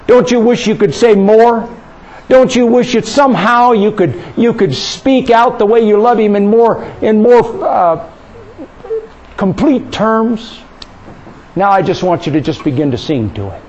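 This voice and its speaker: A man leading a charismatic prayer session, fervent and intimate, coaxing listeners to pray aloud and slipping into soft speaking in tongues. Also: high voice, expressive, a little slow, low-quality recording.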